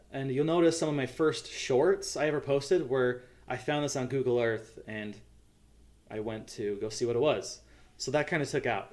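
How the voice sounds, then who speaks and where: A young adult American man hosting a casual livestream chat, earnest and halting, with lots of ums. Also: medium pitch, darkish tone. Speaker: YouTube channel host.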